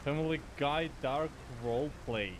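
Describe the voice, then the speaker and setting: A man hosting a gameplay video, talking in voice chat and commentary with a cartoonish, excitable, mocking delivery. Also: fairly high pitch, a little slow. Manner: excitable, mocking, laughs often. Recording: noisy game voice chat.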